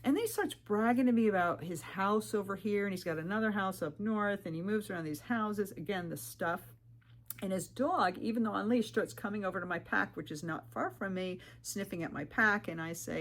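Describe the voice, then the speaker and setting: Here the woman's voice sits on the low side with vocal fry, at a moderate pace. A thru-hiker filming herself, she tells a story with animated candor and emphasis, cautions her viewers, and quotes others using "I'm like."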